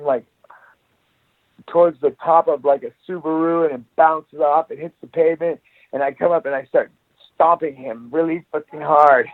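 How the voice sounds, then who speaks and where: A man spins a rowdy, profanity-laced story in casual podcast chat, acting out every beat. His voice sits a little high. The sound is thin and tinny, like a phone line, in a dry room. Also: no echo. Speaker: guest, jiu-jitsu academy owner.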